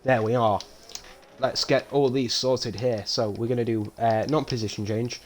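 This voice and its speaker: A man giving live race commentary on a stream, with casual, rambling, self-mocking banter that turns loud and excited when incidents happen. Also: mid-range voice, normal speed, a little hiss or hum. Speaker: sim racing league commentator.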